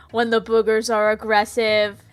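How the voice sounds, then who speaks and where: A woman streamer chatting casually with her viewers, silly and laughing a lot. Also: fairly high pitch. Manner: giggly, silly, laughs often. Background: faint music.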